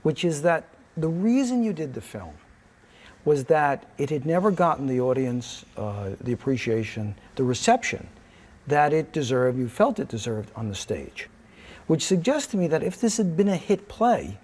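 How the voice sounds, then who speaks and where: A man's voice: on the high side, very animated, normal speed, a little mellow. A man interviewing, talking in a thoughtful, probing way. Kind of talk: archive interview.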